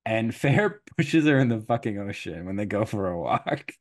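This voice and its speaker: A young man hosting a podcast, casually retelling a folktale with lively quoted voices, laughs and fillers. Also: on the low side. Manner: animated storytelling, quick quoted voices, frequent laughs and fillers. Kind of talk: casual chat.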